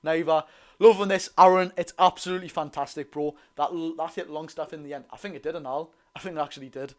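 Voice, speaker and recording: A young man with a Geordie accent giving excitable, partisan live commentary on a football match for his viewers. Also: fairly high pitch, fast. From North East England. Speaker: football fan streamer.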